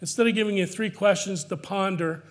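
Male pastor, high voice, earnest emphatic sermon delivery, repeats key lines. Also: brisk.

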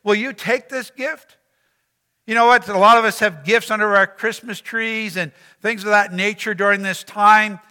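High, bright-voiced man preaching. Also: flat delivery, moderate pace, hardly any pauses, clear, resonant tone, long reverb tail. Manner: earnest, repeats phrases and asks rhetorical questions. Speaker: pastor. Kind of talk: sermon.

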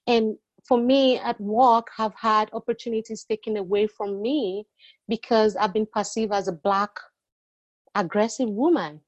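A woman who immigrated to Canada, sharing her experiences as a podcast guest in a lively storytelling way. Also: medium pitch, measured pace, dry recording, lo-fi sound. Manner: animated, acting out quoted exchanges. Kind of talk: personal storytelling.

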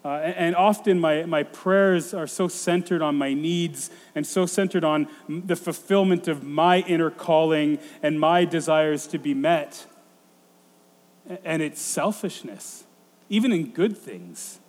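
A man's voice: on the high side, darkish tone. Reflective male preacher in an echoing hall. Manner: reflective, halting with frequent restarts. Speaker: pastor. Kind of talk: sermon. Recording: long hall reverb.

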